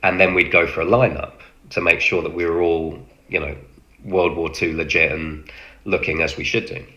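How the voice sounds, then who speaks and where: A man casually recounting an anecdote from working as an extra on a film set, halting with many fillers and acting out quoted lines. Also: low voice, fairly even intonation, sharp tone.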